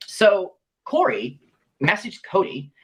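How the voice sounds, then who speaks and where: A man's voice: high-pitched, very animated, takes it slowly, husky, poor audio. A young man, telling his side of a story and reading out messages, rambling with lots of ums and likes. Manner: rambling, many fillers like "um" and "like".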